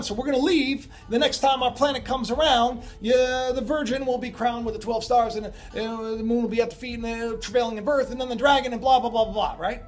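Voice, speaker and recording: A man hosting a casual monologue video, rambling and chatty with lots of fillers and asides. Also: very high-pitched. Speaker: prophecy video host. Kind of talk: casual monologue on end-times signs.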